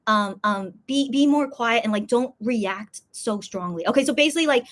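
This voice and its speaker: A woman vlogger telling a story in casual chat, rambling with lots of fillers and squealing high when she quotes others. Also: moderate pace. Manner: rambling, heavy use of "like" and "okay?", acts out others in high squeals.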